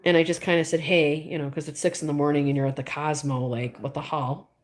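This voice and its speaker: A woman's voice: sits low, level tone, quick pace. A middle-aged woman chatting casually, telling a rambling story full of restarts and laughing between phrases. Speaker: streamer chatting with viewers. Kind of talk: casual chat.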